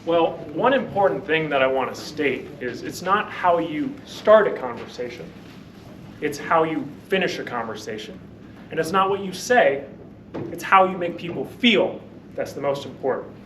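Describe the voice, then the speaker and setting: A man's voice: a little high, expressive, moderate pace, a bit bright, a little hiss or hum. A man giving a confident impromptu club speech that poses questions to the audience. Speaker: table topics speaker. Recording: echoey room, mic far off.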